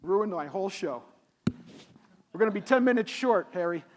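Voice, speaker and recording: High-voiced man keynote speaker, hall echo. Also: normal speed. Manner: animated, asks the audience questions. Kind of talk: live motivational keynote. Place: conference hall. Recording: reverberant hall.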